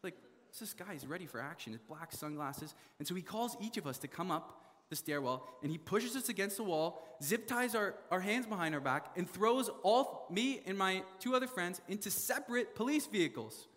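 A young man from Canada telling a funny story in a sermon, animated, laughing often and full of fillers. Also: high-pitched, moderate pace, long reverb tail. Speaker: preacher.

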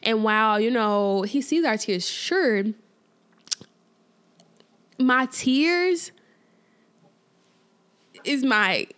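A woman's voice: on the high side, animated, extremely slow, long pauses, fairly bright tone, clean tone. A woman hosting a casual faith podcast, talking informally with lots of fillers and repeated phrases for emphasis. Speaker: podcast host.

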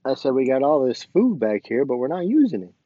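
Animated male army sergeant telling stories. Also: mid-range voice, a little fast, no echo, muffled recording. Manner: animated, acts out quoted dialogue. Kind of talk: casual storytelling.

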